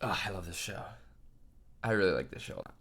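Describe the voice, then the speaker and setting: A man who writes musicals talking casually and excitedly through a reaction to a stage show, gushing and rambling. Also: deep voice, fast, slightly rough.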